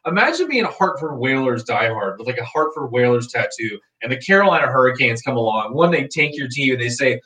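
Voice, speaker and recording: A man co-hosting a casual sports chat, playful and quick with exaggerated mock-shocked reactions. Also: mid-range voice, expressive, bright, forceful tone. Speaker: podcast co-host. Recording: roomy, distant from the mic.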